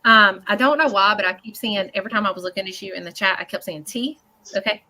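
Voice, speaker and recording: During a live reading for a caller, this psychic medium sounds pushed and bright in a mid-range voice. She talks bluntly and earnestly but haltingly, leaning on lots of fillers and often checking in with "okay?".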